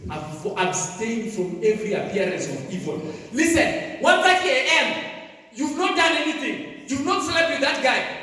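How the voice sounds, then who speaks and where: A man preaching to a youth seminar, emphatic, moving between loud bursts and quiet asides. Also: extremely high pitch. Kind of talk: sermon. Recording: echoey hall, from far off.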